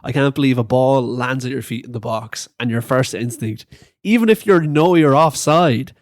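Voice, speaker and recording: A man's voice: mid-range voice, moderate pace, no echo, clean studio sound. A young adult man co-hosting a football podcast, laughing often and making blunt remarks. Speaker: podcast co-host. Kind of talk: casual football chat.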